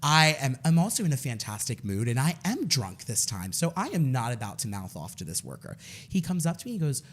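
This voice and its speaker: A man's voice: mid-range voice, sing-song, brisk. A man co-hosting a podcast, telling a night-out story in casual chat and acting out the voices. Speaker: podcast co-host.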